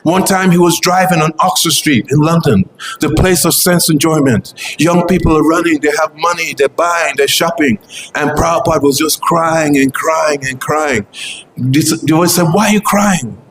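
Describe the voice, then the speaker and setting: A man's voice: a little high, steady tone, moderate pace, a bit bright, roomy sound, slight background noise, low-quality recording. A man giving an earnest devotional memorial talk, fervent and repetitive, often restarting his phrases. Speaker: devotional speaker.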